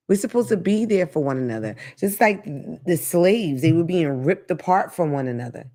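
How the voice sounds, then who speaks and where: A woman hosting her own talk show, ranting casually with blunt, profane commentary. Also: sits low. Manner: blunt, profane, animated rants. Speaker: podcast host.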